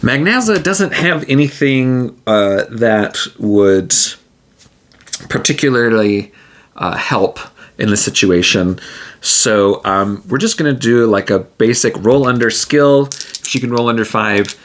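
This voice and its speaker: A man narrates his own solo tabletop game, thinking aloud as he goes. He talks in a casual, meandering way with frequent fillers, his voice at a mid pitch. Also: lively intonation, slow, a bit bright.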